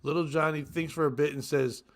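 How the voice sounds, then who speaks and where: A man's voice: steady tone, a little fast. A man co-hosting a casual comedy podcast, reading crude jokes aloud, laughing constantly and acting out the characters in exaggerated voices. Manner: laughs constantly, squeals into high-pitched shrieks when laughing. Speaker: podcast co-host.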